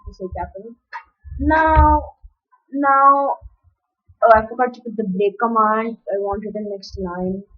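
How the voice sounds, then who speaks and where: Woman, high voice, coding tutorial, talks through each step as she types, dull lo-fi recording. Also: a little slow, long pauses. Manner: explains step by step while typing, self-corrects.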